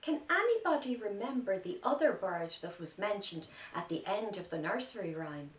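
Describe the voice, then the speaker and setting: An Irish woman teaching young children, speaking gently and clearly as she tells a story. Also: medium pitch, big pitch swings, normal speed. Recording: roomy sound from a distant mic.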